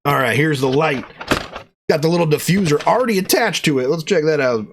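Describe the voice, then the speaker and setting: A man, reviewing a product in a casual unboxing vlog, joking in a playful cowboy persona with excited jumps in pitch. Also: brisk, noisy background.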